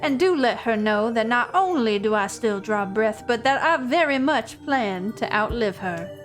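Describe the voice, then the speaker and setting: A woman's voice: on the high side, expressive, a little slow. A woman voicing a chatty elderly townswoman with a sly, dry wit as she reads a visual novel aloud. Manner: teasing, gossipy and theatrical. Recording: game music behind the voice.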